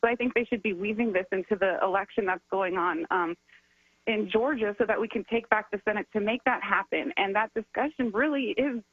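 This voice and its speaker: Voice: mid-range voice, fairly quick, breathy edge, dry recording, phone-quality sound. A political strategist and organizer speaking as a radio guest, impassioned and repetitive, hammering points and getting heated while sick. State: says they are sick. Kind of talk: passionate call-in radio commentary.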